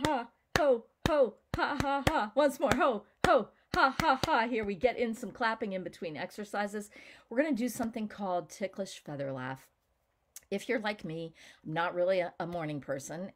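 Playful woman leading laughter exercises. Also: mid-range voice. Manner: playful, cheerful and coaxing, laughs often. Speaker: laughter yoga leader. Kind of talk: guided laughter exercise session.

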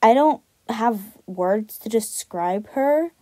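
A woman's voice: fairly high pitch, expressive, slow, dark tone, dry recording. A woman on a video channel casually describing her drawn cat characters, rambling and self-deprecating, with many fillers and some casual swearing.

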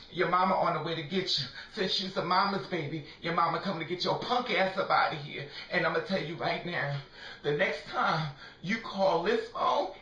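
A man's voice: fairly high pitch, pushed and bright. A man playing a furious, jealous woman who is scolding a cheating partner in a comedy sketch, with profane, repetitive, sassy scolding. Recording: dull roomy recording from a distance.

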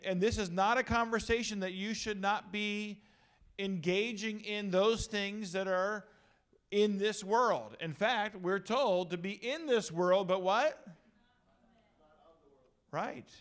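High-voiced joking pastor. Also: male voice, clear, resonant tone. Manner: energetic, joking with the crowd. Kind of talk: youth gathering talk.

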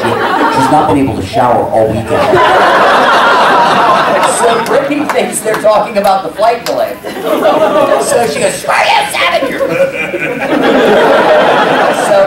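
A man on a convention panel telling a long, rambling story and acting out the quotes. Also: mid-range voice. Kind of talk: casual anecdote telling. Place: large convention hall with audience. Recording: echoey hall, mic at distance, crowd noise. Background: audience murmur and room noise.

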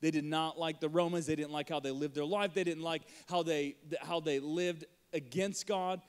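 A man in his forties, a pastor, preaching an Easter sermon with lively storytelling and jokes. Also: a little high, moderate pace, clear, resonant tone. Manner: animated, acts out crowd voices and jokes. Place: church auditorium.

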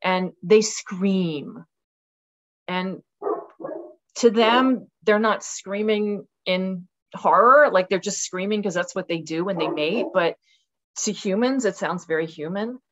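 A woman's voice: medium pitch, slow pace. Talkative woman on a dull call line. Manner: animated, acts out voices with laughs. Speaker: guest author. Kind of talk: casual interview conversation. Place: rural home with dogs.

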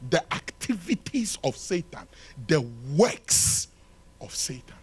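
A male pastor preaching a sermon in a church, swinging from loud shouted lines to hushed ones and acting out little dialogues. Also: high voice, sing-song, slow pace, husky. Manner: acts out dialogue between lovers.

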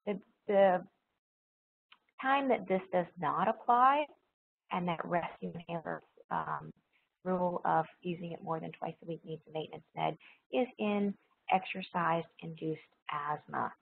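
Gravelly woman lecturing over a tinny line. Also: on the low side, measured pace, slight background noise. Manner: explanatory, repeats key points, frequent ums. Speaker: nursing pharmacology instructor. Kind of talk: recorded lecture.

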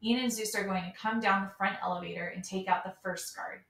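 A woman's voice: medium pitch, fairly even intonation, vocal fry, fairly bright tone, echoey room, far from the mic. A young male leader giving orders, read by a woman. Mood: commanding. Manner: brisk, commanding.

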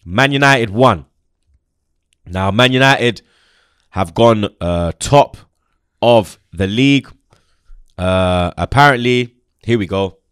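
A young man hosting a casual football chat, animated and slangy, swearing and laughing a lot. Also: lowish voice, slow pace, long pauses, clean tone, no echo, clean studio sound. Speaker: football channel host.

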